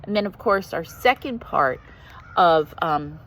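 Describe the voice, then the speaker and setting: A woman hosting a faith journaling video, teaching a devotional Bible lesson in an earnest, gently encouraging way with emphatic repetition. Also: on the low side, animated, slow pace, poor audio.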